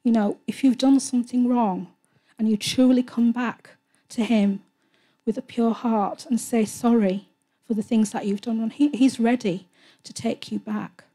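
A woman presenting a Christian TV programme, speaking in a gentle, earnest devotional way between hymns, soft-spoken and sometimes hesitant as she searches for words. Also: a little high, steady tone, unhurried. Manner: soft-spoken, earnest, often trailing into a hush.

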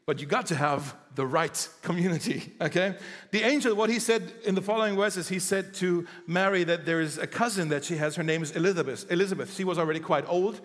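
High-voiced chatty male pastor. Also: a little fast, in a large hall. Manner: conversational, animated, with quoted dialogue. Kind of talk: sermon. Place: church.

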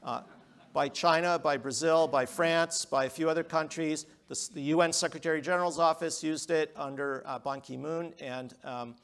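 A middle-aged man giving a public lecture, emphatic, with rhetorical questions and swings between loud and quiet. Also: fairly high pitch, fairly even intonation, normal speed. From United States.

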